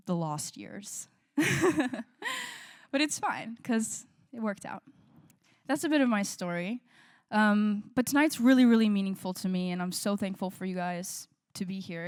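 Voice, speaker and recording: A woman singer-songwriter chatting casually with a live audience between songs, laughing often and filling pauses with "um" and "like". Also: mid-range voice. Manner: chatty and warm, laughs often, many "like" and "um" fillers. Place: small indoor live music session.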